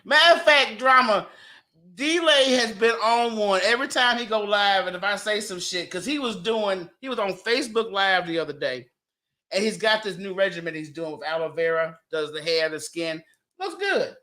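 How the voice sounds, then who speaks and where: A woman hosting a podcast, trading raunchy banter with loud laughs and teasing. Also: mid-range voice, expressive, moderate pace. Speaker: podcast host.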